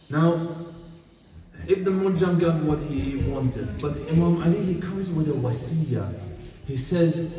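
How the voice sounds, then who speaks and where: A man's voice: mid-range voice, a little slow. A man preaching a sermon to an audience, telling stories and asking them rhetorical questions. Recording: echoey hall from far off, crowd audible.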